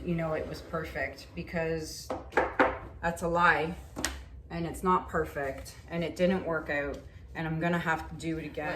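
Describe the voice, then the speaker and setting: Woman, painting vlogger, slow and lowish, frustrated self-talk, echoey studio with faint background noise. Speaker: acrylic pour painting vlogger. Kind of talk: casual talk while painting. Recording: roomy echo, faint ambient noise.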